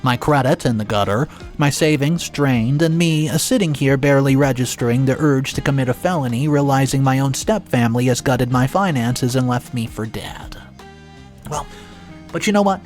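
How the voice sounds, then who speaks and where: A man narrating a dramatic first-person story in a sarcastic, exasperated and animated way. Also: medium pitch, moderate pace, faint music behind.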